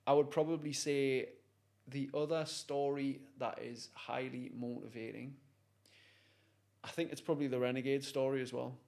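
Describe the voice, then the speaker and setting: A man's voice: mid-range voice, moderate pace, gravelly. A man, a guest and motivational speaker, telling stories animatedly in conversation. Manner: animated, acts out voices. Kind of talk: storytelling in conversation.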